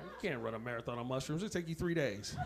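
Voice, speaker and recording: A man's voice: mid-range voice, expressive, fast talker, vocal fry. A man performing stand-up comedy with punchy, profane delivery, laughing at his own lines. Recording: noisy live recording.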